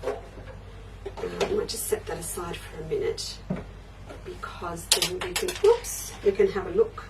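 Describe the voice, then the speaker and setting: A woman's voice: lowish voice, sing-song, a little slow, long pauses, far from the mic, heavy background noise. An older woman hosting a live quilting show, chatting away and answering viewers' comments as they come in. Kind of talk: live crafting show chat.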